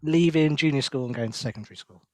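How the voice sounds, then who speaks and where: A man's voice: on the high side, quick pace, no room sound. A man co-hosting a casual chat show, reading hesitantly with frequent fillers and chatting about travel. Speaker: podcast co-host.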